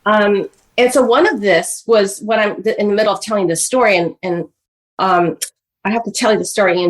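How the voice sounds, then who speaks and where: A woman's voice: mid-range voice, rough recording. Earnest middle-aged woman telling her story. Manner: earnest, emotional, addresses host by name often; acts out quoted voices of parents. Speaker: guest author. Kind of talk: personal storytelling in a podcast interview.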